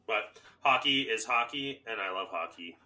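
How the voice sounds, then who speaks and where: A man's voice: fairly low pitch, expressive, moderate pace, bright, forceful tone. A hungover man co-hosting a podcast, laughing and swearing as he tells rowdy stories in casual chat. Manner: laughing, swearing, boisterous storyteller. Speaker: podcast co-host.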